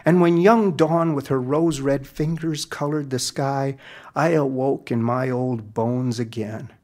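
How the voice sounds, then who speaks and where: A man's voice: medium pitch, fairly even intonation, measured pace, a little mellow. A middle-aged man telling a comic story in a grand, mock-epic manner. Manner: mock-epic, dramatic delivery.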